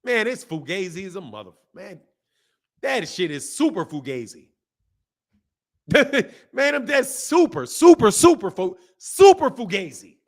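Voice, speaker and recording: A man hosting a boxing live stream, reading viewer comments and ranting in animated, slangy talk. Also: high voice, measured pace. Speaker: boxing channel host.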